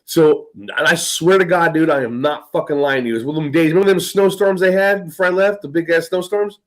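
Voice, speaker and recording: Here a man talks at a fairly high pitch while he tells a rambling story, with plenty of cursing along the way. His casual delivery breaks into laughter again and again. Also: a little fast. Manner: profane, rambling, laughing often. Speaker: host.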